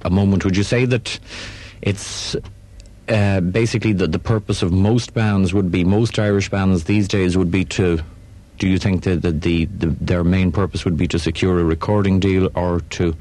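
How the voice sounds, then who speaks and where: A man's voice: low voice, steady tone, normal speed, darkish tone. A man interviewing, restarting his questions again and again. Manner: hesitant, many restarts.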